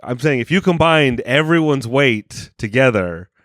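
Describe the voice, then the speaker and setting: A man's voice: mid-range voice, expressive, a little slow, a bit bright, no echo, clean studio sound. Defensive man in podcast banter. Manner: defensive, arguing in circles. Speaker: podcast co-host. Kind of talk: casual comedic banter. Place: home studio room.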